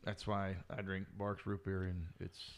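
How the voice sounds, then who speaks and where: A man's voice: low voice, monotone, measured pace. A man chatting casually with a dry, teasing manner. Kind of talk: casual chat.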